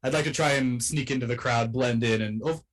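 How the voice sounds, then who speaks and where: Male player, mid-pitched, casual and halting. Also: low-quality recording. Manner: halting, hesitant, with fillers. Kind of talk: casual tabletop play.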